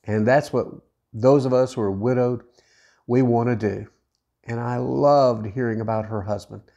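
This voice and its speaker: A man's voice: medium pitch, creaky, mellow. A middle-aged widowed man telling a personal story in an earnest way, often repeating himself and restarting his sentences. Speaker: widowed vlogger.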